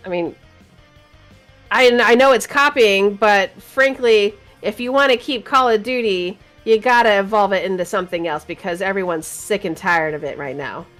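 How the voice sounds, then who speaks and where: A woman's voice: medium pitch, normal speed, a bit bright, soft background music. Chatty woman co-hosting a gaming show. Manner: chatty, laughs often, teasing. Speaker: podcast co-host. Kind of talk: casual gaming chat.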